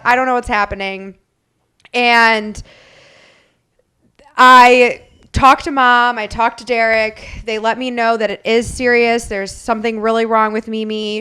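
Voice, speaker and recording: A woman co-hosting a podcast, telling a lively story and acting out the quotes of others. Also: on the high side, clear, resonant tone. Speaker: podcast co-host. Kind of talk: casual storytelling chat.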